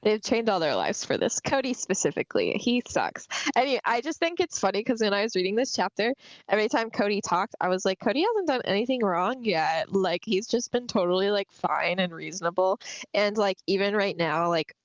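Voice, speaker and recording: A woman's voice: mid-range voice, expressive, fairly quick, no room sound, lo-fi sound. A woman co-hosting a casual livestream discussion, chatty and giggly, recapping chapters with lots of fillers. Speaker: podcast co-host.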